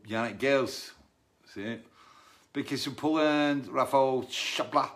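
A man's voice: medium pitch, takes it slowly, a bit bright. Rambling older man answering viewer questions. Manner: rambling, anecdotal, with frequent restarts and asides. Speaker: musician hosting a viewer Q&A. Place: his home studio.

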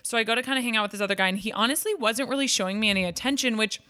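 A woman's voice: a little high, very fast, pushed and bright, no echo. A young adult woman, a podcast guest, telling a personal story in casual chat, full of "like"s and restarts. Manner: chatty, many "like"s and restarts.

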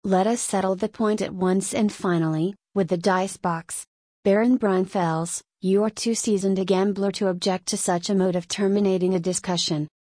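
A woman voicing a calm nobleman who chairs a meeting in a measured, authoritative way, in a storybook reading. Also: mid-range voice, no echo, clean studio sound, lightly acted. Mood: composed.

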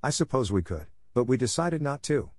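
A man's voice: mid-range voice, very animated, fairly quick, darkish tone, no room sound, pitched above the performer's own voice. A man reading the lines of a stern, dry-spoken middle-aged woman in an audiobook. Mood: plain. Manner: dry and firm.

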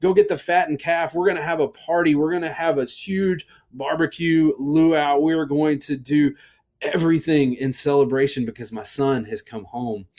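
A man voicing an overjoyed father who calls to his servants to celebrate his son's return in an excited, raised voice. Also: fairly high pitch, normal speed, pitched above the performer's own voice, lightly acted. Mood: jubilant. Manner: excited, shouting orders to servants. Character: overjoyed father welcoming his son home.

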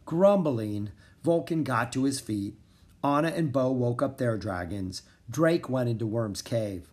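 A man narrating a children's storybook in an expressive, dramatic reading style. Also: medium pitch, unhurried. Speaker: audiobook narrator.

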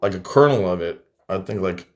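A young man co-hosting a casual podcast, cracking deadpan jokes and telling rambling stories. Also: deep voice, brisk. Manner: joking, deadpan absurd asides. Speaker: podcast guest co-host. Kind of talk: casual chat.

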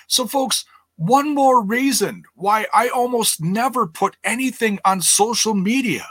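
Bright-voiced man ranting on a podcast. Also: expressive, unhurried, breathy edge, no echo. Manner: ranting, swears freely, mocks others in a high voice. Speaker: podcast host. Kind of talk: casual solo podcast rant.

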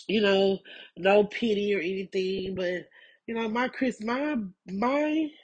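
A woman's voice: mid-range voice, husky. A woman, recovering from a cold, talking casually and frankly as a podcast host, rambling and repeating herself. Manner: rambling and frank, repeats herself, keeps asking "you know what I'm saying". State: getting over a cold. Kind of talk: casual personal update monologue.

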